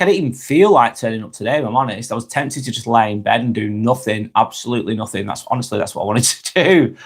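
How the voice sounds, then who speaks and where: A relaxed man with a Lancashire accent, chatting live to viewers in a mid-range voice. He reads their comments out and replies in a friendly, unhurried way. His sentences often trail off softly at the end. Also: mid-range voice, gravelly, slightly rough. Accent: Northern English, Lancashire. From Northwest England. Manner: laid-back and friendly, trails off quietly at phrase ends, stumbles over words. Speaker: vlogger hosting a live stream.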